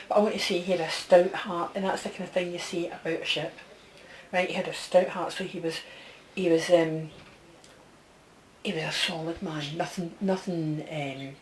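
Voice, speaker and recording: A woman works as a medium in a close, one-to-one reading. Her voice sits a little low. She talks in a chatty stream, relaying what she hears and constantly asking whether it makes sense. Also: a little mellow, slight background noise, poor audio. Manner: chatty, relays messages, keeps checking with the sitter. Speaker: psychic medium.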